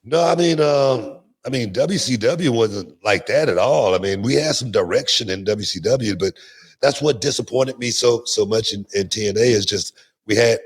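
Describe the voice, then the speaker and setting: A man guesting on a talk show, telling animated stories and often repeating words as he goes. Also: mid-range voice, normal speed, breathy edge. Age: older. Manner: animated, repeats words, laughs mid-sentence. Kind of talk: casual interview storytelling.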